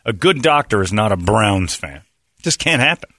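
A man's voice: fairly low pitch, sing-song, moderate pace, pushed and bright, no room sound. A man hosting a sports talk radio show, rambling and sarcastic as he tells stories on a studio mic. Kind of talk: casual sports radio banter.

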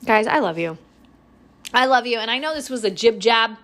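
A young woman hosting her own podcast, telling a rambling personal story in a casual, animated way and swearing freely. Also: on the high side, moderate pace. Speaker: podcast host.

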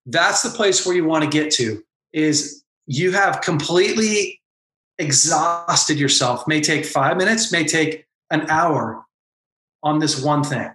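Earnest bright-voiced man, echoey room. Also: fairly high pitch. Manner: earnest, emotional storytelling with quick bursts. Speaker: podcast guest, former pastor. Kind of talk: candid podcast conversation.

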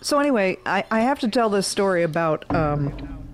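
A woman in casual conversation, telling a story bluntly with animated emphasis. Her voice sits in a middle pitch, and she clears her throat between thoughts. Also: normal speed. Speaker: realtor and bartender.

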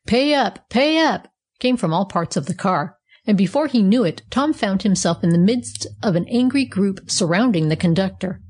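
A woman's voice: medium pitch, moderate pace, hardly any pauses, slightly rough. A woman narrating a children's storybook aloud. Her voice sits in a middle range and swings widely up and down. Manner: lively, expressive read-aloud. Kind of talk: storybook reading.

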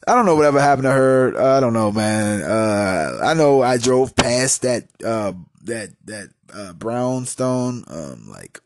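A man from Washington, D.C. hosting a podcast, telling a story in a profane, rambling way, dropping from mumbles into loud outbursts. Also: medium pitch, very animated, measured pace, few pauses, dry recording. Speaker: podcast host. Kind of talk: casual storytelling podcast monologue.

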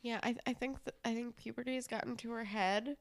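A young woman talks over a show recap with a slightly high voice. She is animated and giggly and swears freely. She acts out quotes as she goes. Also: a little fast, vocal fry. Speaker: podcast co-host. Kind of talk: casual recap chat.

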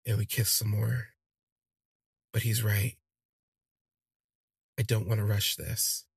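Candid man with a husky, gravelly voice. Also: on the low side, little pitch movement, slow pace, no echo. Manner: candid, rambling, frequent fillers. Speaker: podcast host. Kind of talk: personal storytelling.

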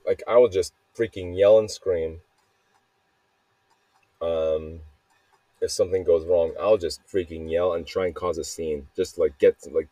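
A man's voice: low-pitched, steady tone, measured pace, long pauses, mellow, no echo. A man hosting a podcast, rambling through a personal monologue with frequent swearing and flashes of anger. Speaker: podcast host.

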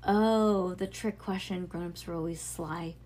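Husky woman reading a children's book aloud. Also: mid-range voice, moderate pace. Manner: casual, relaxed, unpolished. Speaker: reader.

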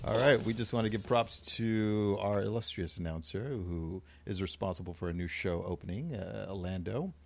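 Chill guy cohosting a radio chat show, kinda low voice, teasing the guest. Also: moderate pace, vocal fry, hardly any pauses, darkish tone. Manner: laid-back, teasing, chuckles often.

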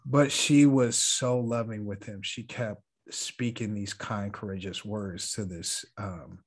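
A man's voice: on the low side, steady tone, slow pace, husky. A man co-hosting a podcast, telling a story in an earnest, reflective way and laughing often. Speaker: podcast co-host. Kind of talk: casual storytelling chat.

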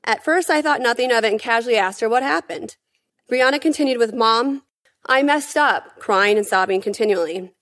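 A woman giving prepared testimony at a hearing, in an earnest, emphatic and measured way. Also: on the high side, a bit bright.

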